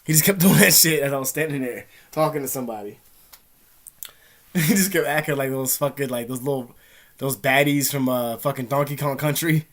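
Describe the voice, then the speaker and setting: A man's voice: mid-range voice, fairly quick. A man ranting casually to camera in rambling, profane slang. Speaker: vlogger.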